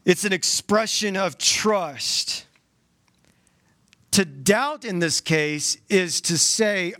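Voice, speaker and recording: High-voiced, animated preaching man. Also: slow, no room sound, studio quality. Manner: animated, conversational preaching with sudden jumps in pitch. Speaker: pastor. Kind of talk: sermon.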